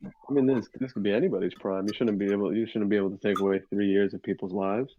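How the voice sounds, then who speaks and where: A man's voice: lowish voice, steady tone, fast talker, lo-fi sound, a little hiss or hum. A man in his twenties co-hosting a podcast, talking casually and rambling with many fillers and restarts. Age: 20s. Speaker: podcast co-host. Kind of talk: casual chat.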